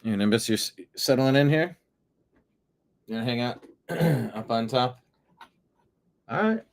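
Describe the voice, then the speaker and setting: A man's voice: mid-range voice, normal speed, vocal fry. A man hosting a casual online commentary show from his home desk, chatting and talking to his cat between stories. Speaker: host.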